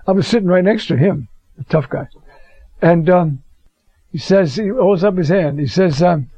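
A man's voice: high-pitched, moderate pace, pauses often, warm tone, husky, no echo. An older man giving an informal Bible lesson. He tells personal stories in a folksy way and keeps asking "you see?". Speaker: Bible teacher. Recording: dull lo-fi dry recording.

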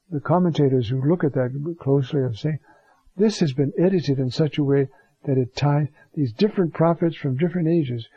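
A man, a priest, giving an informal homily on scripture, conversational and digressive, dropping to a soft hush when he quotes a prayer. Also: a little high, breathy edge, no room sound, muffled recording.

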